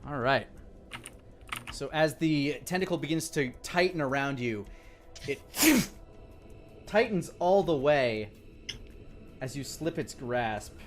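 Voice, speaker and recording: A man narrating and running a live tabletop game as dungeon master, relaxed as he tallies damage and describes the action. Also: mid-range voice, measured pace, long pauses, soft background music.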